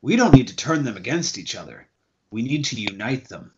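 A man's voice: mid-range voice, sing-song, a little fast, background noise, pitched below the performer's own voice. A man playing a formal male rogue who speaks in a courtly, earnest way. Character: formal male rogue, suddenly grandly serious. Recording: dull lo-fi recording.

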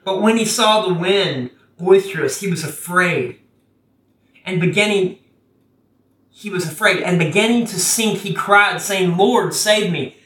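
A preacher giving a casual, conversational sermon that gets animated when quoting scripture. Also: medium pitch, unhurried. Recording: roomy, from a distance.

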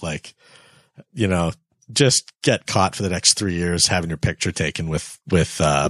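Husky, lively-voiced ranting podcast man. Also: low-pitched, no room sound, studio quality. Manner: animated, profane ranting with mocking impressions. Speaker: podcast co-host. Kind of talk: casual podcast banter.

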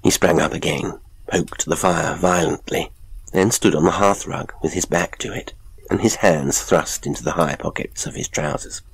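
A man reading a classic horror story as narrator, in a slow, measured, ominous storytelling manner. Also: deep voice, creaky, breathy edge.

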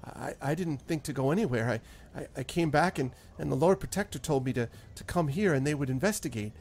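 A man voicing a humble, desperate farmer who stammers and repeats himself in rough country grammar. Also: a little high, lively intonation, brisk, a little mellow. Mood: forlorn.

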